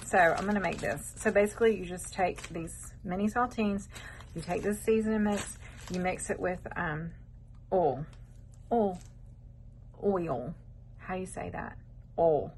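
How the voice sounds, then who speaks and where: Cooking vlogger, woman, middle-aged, lower voice, meandering chatty delivery. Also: a little hiss or hum, poor audio. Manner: chatty, rambling, wanders off topic. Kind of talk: casual cooking chat. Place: home kitchen.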